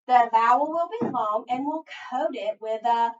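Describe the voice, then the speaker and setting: A woman teaching a phonics lesson, patiently asking questions and answering them herself. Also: fairly high pitch. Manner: slow, patient, asks and answers her own questions. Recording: distant, echoey, dull room sound.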